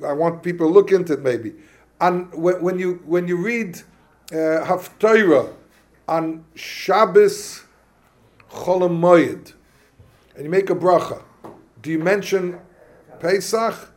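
A man's voice: high-pitched, slow pace, long pauses, a little mellow. A man teaching a Talmud class, thinking aloud, asking the class questions and often restarting.

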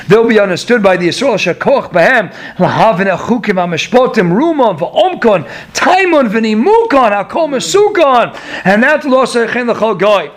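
A man's voice: high voice, expressive, moderate pace, hardly any pauses. A man teaching a Torah class, telling stories, asking his listeners rhetorical questions and chuckling through his digressions. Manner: asks the audience rhetorical questions.

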